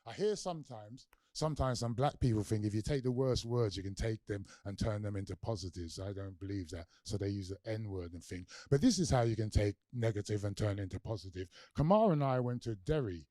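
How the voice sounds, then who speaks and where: A man's voice: on the low side, a little fast, few pauses, no echo, studio quality. A middle-aged man with a London accent giving a public lecture, telling stories with energy, acting out quoted voices and putting questions to the audience. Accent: London English. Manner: animated storyteller, acts out quoted voices, asks the audience questions. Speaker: guest lecturer.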